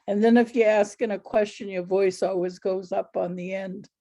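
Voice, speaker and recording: A woman storyteller answering audience questions over a video call in an unhurried, easygoing way. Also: medium pitch, flat delivery, dark tone.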